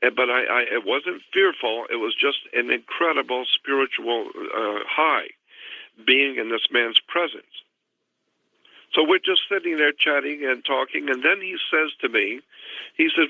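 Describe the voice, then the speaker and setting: Gravelly man on a tinny phone line. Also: mid-range voice, measured pace, no echo. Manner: earnest, rambling retelling of a past encounter. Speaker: guest telling a personal story. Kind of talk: radio call-in storytelling. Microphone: telephone.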